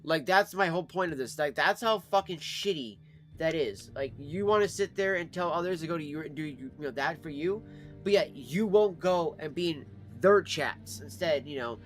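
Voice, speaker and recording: A man rants on a live stream, exasperated and swearing freely as he talks. His voice sits somewhat high for a man. Faint background music plays underneath. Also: animated, normal speed. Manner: profane, exasperated ranting. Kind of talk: casual live-stream rant.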